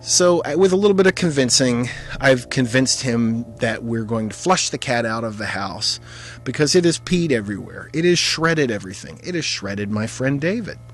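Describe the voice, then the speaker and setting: A man's voice: mid-range voice, expressive, normal speed, soft background music. A man telling a personal story in a wry, conversational manner with vivid detail.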